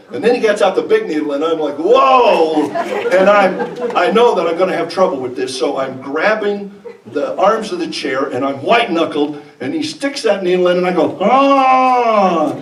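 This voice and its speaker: A man telling a comic personal story live on stage, animated and laughing along. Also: fairly high pitch. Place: stage in a performance hall. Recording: echoey hall, distant mic, audience. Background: audience laughter.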